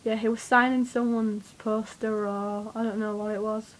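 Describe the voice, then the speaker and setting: A young woman, telling a rambling, excitable story to camera, swearing freely and with lots of fillers. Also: medium pitch, moderate pace, rough recording. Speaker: vlogger.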